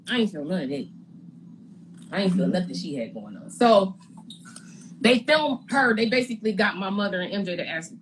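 An adult woman with a mid-range voice tells her side of a story in loose, casual talk. She sounds animated and indignant, and she repeats words and restarts when she gets heated. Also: medium pitch, a little hiss or hum, low-quality recording. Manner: animated, indignant retelling with frequent stammered repeats. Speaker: reality TV guest recounting her experience. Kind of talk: casual live-stream storytelling.

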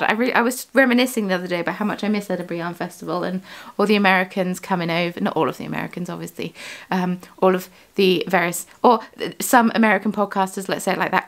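A British woman, the host of a crafting vlog, chatting casually from her home studio, rambling and correcting herself as she goes. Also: mid-range voice. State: has the hiccups. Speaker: yarn dyer and vlogger.

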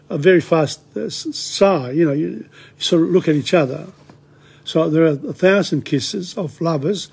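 Working through song lyrics one line at a time, a middle-aged man teaches a language lesson. His slightly high, husky voice moves slowly and haltingly, and he repeats himself as he explains.

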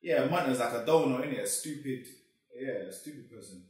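A man's voice: medium pitch, animated, a little fast, a little mellow, far from the mic. Guy, playful reactor, roomy off-mic sound. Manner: playful, repeats words and laughs. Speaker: reaction video host. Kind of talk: casual reaction commentary.

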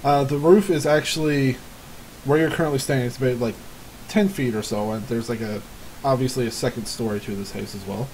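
A man's voice: medium pitch, brisk, darkish tone, a little hiss or hum, rough recording. A man running a tabletop game as game master, narrating in a hesitant way with many fillers.

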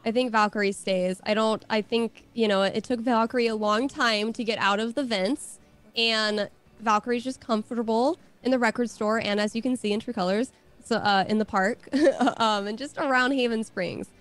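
A woman's voice: fairly high pitch, steady tone, moderate pace. Chatty young woman, rambling guest. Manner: chatty, rambling, lots of fillers and self-corrections. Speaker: voice actor, guest. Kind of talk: casual livestream chat.

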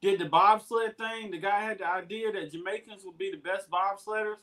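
A man's voice: sits high, fairly even intonation, fairly quick, bright, forceful tone. A man hosting a casual livestream, talking in a loose, rambling way with laughs, after eating something very spicy. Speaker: YouTube channel host. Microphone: laptop or tablet on a video call.

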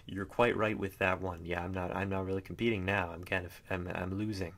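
Young male vlogger, low-ish voice, off-the-cuff self-deprecating rambling. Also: steady tone, fairly quick, few pauses, a bit bright. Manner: chatty, self-mocking, trails off into mutters. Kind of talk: unscripted rambling vlog.

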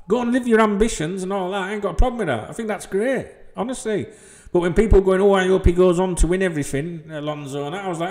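A man's voice: high voice, quick pace, a little mellow. Sweary ranting football vlogger man. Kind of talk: ranting vlog to subscribers. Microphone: desk microphone.

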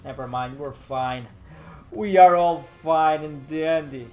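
A man's voice: on the high side, takes it slowly, darkish tone, soft background music. A young man chatting casually on a live stream, rambling and laid-back, still a little nasal from a cold. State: slightly nasal from a fading cold.

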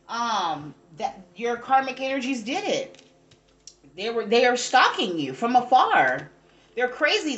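Woman, casual tarot reader; slightly high voice, blunt, profane, rambling delivery. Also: a bit bright, a little hiss or hum. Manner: blunt, profane, rambling, talks straight to viewers. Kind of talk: casual tarot reading monologue.

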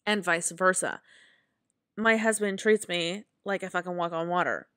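A woman's voice: fairly low pitch, fairly even intonation, normal speed, fairly bright tone, dry recording, clean studio sound. A young adult woman hosting her own podcast, ranting casually with lots of swearing, fillers and emphatic asides. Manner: heated, profane, emphatic. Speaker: podcast host. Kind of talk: casual solo podcast rant.

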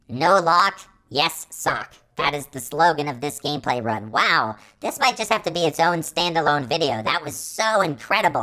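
A woman giving live gameplay commentary as a video host. She repeats words rapidly when she panics and plays a robot persona. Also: on the low side, bright, forceful tone, poor audio. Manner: playful robot persona, calls herself an artificial intelligence.

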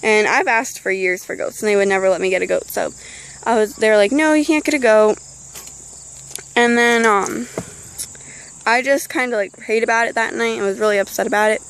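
A woman's voice: medium pitch, steady tone, brisk, fairly bright tone, clear, resonant tone, rough recording. A teenage girl chatting casually outdoors beside an animal pen, rambling with frequent ums. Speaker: vlogger. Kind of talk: casual chat.

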